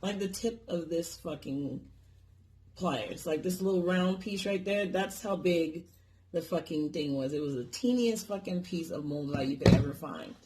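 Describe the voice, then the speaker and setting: A man's voice: fairly high pitch, normal speed, a little mellow, a little hiss or hum. A man casually telling a personal story on his vlog, rambling and swearing freely. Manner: rambling, profane, lots of fillers.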